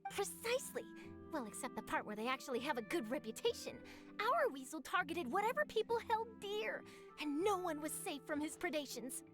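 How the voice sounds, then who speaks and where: A perky young reporter, high and lively, soft game music behind. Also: female voice, brisk. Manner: chatty, dramatic storyteller. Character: bubbly young female reporter, self-assured. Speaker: journalist. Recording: game audio with faint music.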